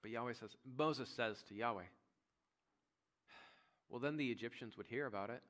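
A man preaching a sermon as pastor, telling the story with lively retold dialogue. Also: medium pitch, normal speed, pauses often. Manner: animated storytelling, acting out voices of biblical figures. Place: church sanctuary.

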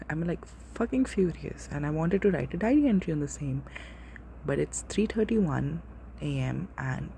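A woman's voice: on the low side, gravelly, mellow, slight background noise. A young woman in her twenties hosting a casual solo podcast, rambling and swearing freely as she corrects herself. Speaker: podcast host.

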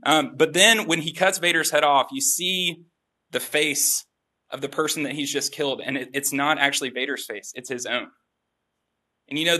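Preacher, male, very bright and forceful tone, conversational and self-deprecating, mid-range pitch. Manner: relaxed, chatty, self-deprecating with casual asides. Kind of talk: conversational sermon.

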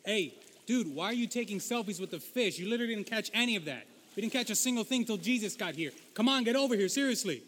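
A man playing the disciple Peter, an impulsive fisherman who talks loudly and emotionally. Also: sits high, quick pace, hardly any pauses. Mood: impatient. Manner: excitable, loud, emotional storyteller. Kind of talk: Christian skit acting.

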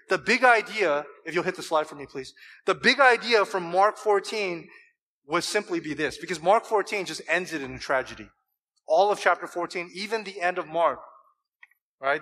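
A man's voice: high voice, bright, forceful tone. A man preaching a sermon to a church congregation, emphatic and full of rhetorical questions. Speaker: pastor.

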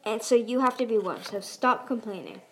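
A woman's voice: a little high, animated, normal speed, a little hiss or hum, lightly acted. A woman voicing a bossy, impatient young female dragon in a storybook reading. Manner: commanding, impatient.

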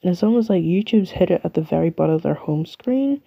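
Rambling young English woman, gravelly. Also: fairly low pitch, expressive, quick pace, muffled recording. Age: young adult. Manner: chatty, rambling, self-mocking. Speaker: podcast host. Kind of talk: casual solo podcast chat.

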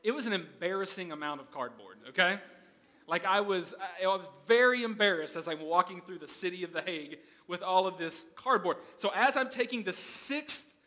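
A man's voice: sits high, expressive, normal speed, pushed and bright. An American man preaching a sermon as pastor, telling stories in a chatty way and often checking in with the audience. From United States. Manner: conversational storytelling, keeps asking "okay?".

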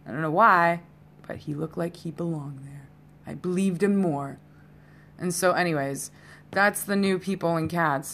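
Woman, low voice, rambling podcast host, casual chat, a little tipsy, faint hum behind. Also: a little slow, a bit bright. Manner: rambling, chatty, talks straight to listeners.

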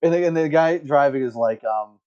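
A man's voice: fairly high pitch, a little fast. Young man on a dull lo-fi mic. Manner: hesitant, filler-heavy storytelling. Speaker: podcast co-host. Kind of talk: casual chat.

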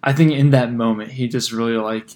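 A man's voice: medium pitch, steady tone, a little fast, a little mellow. A young man in a casual movie chat, thoughtful and explaining with many fillers. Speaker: podcast co-host.

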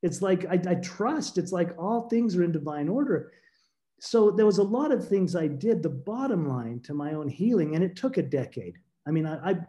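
Earnest man with a warm, mellow voice. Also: a little high. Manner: halting, repeats words when emotional; earnest and reflective. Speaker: guest author. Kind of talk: personal storytelling interview.

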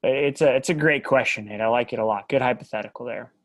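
A man in his thirties co-hosting a podcast, talking in a rambling, animated way and laughing often. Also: medium pitch, fast, no echo. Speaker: podcast co-host. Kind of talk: casual chat.

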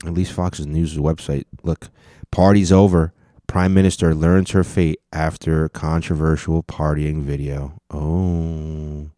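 A man's voice: sits low, mellow, no echo, clean studio sound. A man hosting a casual solo podcast, reading news headlines aloud and adding sarcastic commentary. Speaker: podcast host.

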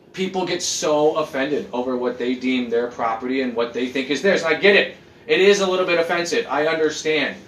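A man hosting a casual podcast from his couch, ranting in a profane, animated way. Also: on the high side, slight background noise. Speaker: podcast host. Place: living room at home, on a couch. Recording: echoey room.

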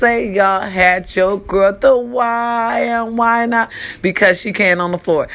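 Older woman, storytelling vlogger, dramatic and profane, stretches words out, bright forceful voice. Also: mid-range voice. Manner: animated, dramatic, swears freely, drawls for emphasis; talks straight to her viewers. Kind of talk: storytelling vlog.

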